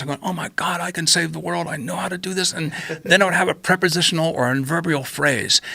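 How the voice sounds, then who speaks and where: A man on a podcast telling a personal story with animated energy, acting out his own past remarks and drifting into tangents. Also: fairly high pitch, vocal fry, no echo. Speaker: podcast guest.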